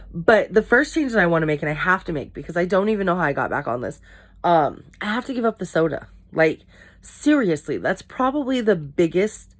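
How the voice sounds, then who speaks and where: A young woman with a low voice talks candidly to her camera. She rambles, corrects herself and pokes fun at her own failings in a loose, chatty vlog style. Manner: candid, rambling, self-deprecating. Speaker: vlogger. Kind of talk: casual talk to camera.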